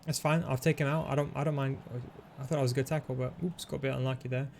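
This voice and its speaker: A man hosting a gaming tutorial, talking through his moves in a relaxed, coaching way as he plays. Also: mid-range voice, racing, gravelly, slight background noise. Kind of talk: commentary over gameplay.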